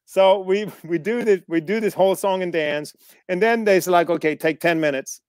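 A man in casual conversation, telling animated stories, swearing freely and acting out quotes. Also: high-pitched, normal speed, no echo, clean studio sound. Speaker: actor guest. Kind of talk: casual storytelling chat.

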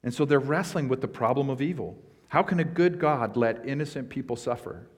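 A man's voice: mid-range voice, fairly quick. Man preaching an earnest sermon. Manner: earnest expository preaching with emphatic swells. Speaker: pastor.

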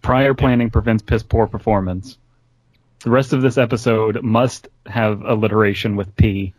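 A man's voice: lowish voice, fairly even intonation, moderate pace, a little mellow, no room sound, rough recording. A man co-hosting a casual podcast, tossing out wordplay and wisecracks. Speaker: podcast co-host.

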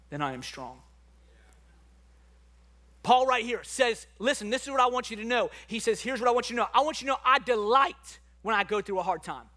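A male pastor preaching a conversational sermon, energetic with bursts of excitement. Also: high-pitched.

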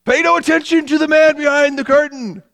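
A man's voice: extremely high pitch, steady tone, fairly quick, vocal fry, a little hiss or hum, voice pushed up, exaggerated voice. A man voicing a grand, pompous wizard who turns into a flustered old man caught behind a curtain. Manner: loud, grand, theatrical.

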